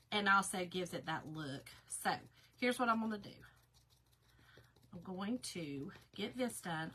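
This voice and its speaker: A woman's voice: on the low side, sharp tone, a little hiss or hum. A woman hosting a casual craft livestream, chatting to viewers and reading their comments aloud, stumbling over words because her mouth is sore.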